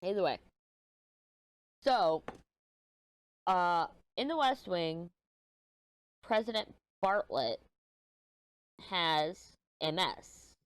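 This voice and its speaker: A woman's voice: on the low side, lively intonation, very slow, long pauses, no echo. A middle-aged woman from Texas with a Texan accent, chatting casually while she crafts. She rambles from topic to topic, swears offhandedly, and sounds a little stuffy. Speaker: craft vlogger.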